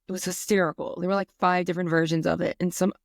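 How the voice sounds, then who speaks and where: A woman's voice: fairly low pitch, flat delivery, fast, gravelly, no room sound, clean studio sound. Wry woman podcast co-host. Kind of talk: casual chat.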